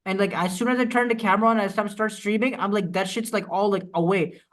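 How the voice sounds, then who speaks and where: A man's voice: sits high, fairly even intonation, fast. A young man, a streamer, in a casual podcast chat, ranting emphatically with lots of swearing. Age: young adult.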